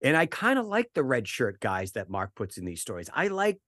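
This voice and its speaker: A man's voice: medium pitch, wildly swooping pitch, a little fast, fairly bright tone, no room sound, studio quality. A man with a Boston accent hosting a casual book chat over an online call, chatty and profane. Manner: chatty, profane, repeats words.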